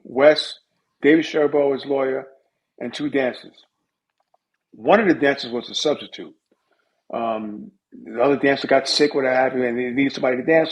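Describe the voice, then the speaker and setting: A middle-aged man, a music industry guest, telling stories in a casual interview with lively asides. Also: mid-range voice. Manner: animated storyteller with lively asides. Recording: dull lo-fi audio.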